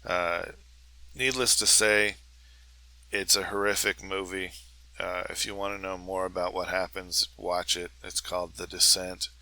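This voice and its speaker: Low-voiced, crude, jokey male host. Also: little pitch movement, measured pace, sharp tone, low-quality recording. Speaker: podcast host. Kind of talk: comedic monologue.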